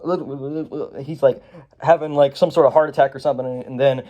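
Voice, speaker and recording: A man's voice: mid-range voice, fairly even intonation, fast talker, highs cut off. A man recapping a film in a casual review. He rambles, with lots of fillers, restarts and chuckles.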